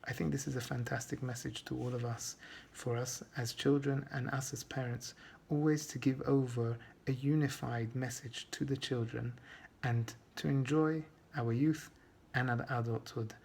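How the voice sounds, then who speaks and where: Gravelly rabbi telling a story. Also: male voice, medium pitch, fairly even intonation, moderate pace, darkish tone. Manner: storytelling, weaving in Hebrew terms. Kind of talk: short inspirational Torah talk.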